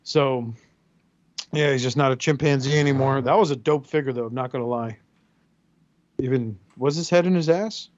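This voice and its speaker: A man co-hosting a podcast in casual chat, swearing freely and telling animated stories. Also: mid-range voice, normal speed, pauses often, highs cut off. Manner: profane, animated storyteller who acts out quotes. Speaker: podcast co-host.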